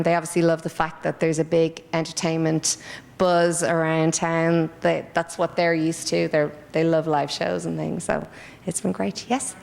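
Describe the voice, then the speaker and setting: A woman's voice: sits low, gravelly, long reverb tail. An Irish woman in her forties, chatting through rambling anecdotes in a casual interview. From Ireland. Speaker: interviewee, former stage dancer.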